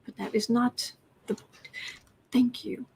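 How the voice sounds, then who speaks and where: Slow, breathy woman on a live stream. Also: a little high, flat delivery. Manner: chatty, coos softly to her cat. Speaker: tarot reader. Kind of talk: live-stream chat answering viewer questions.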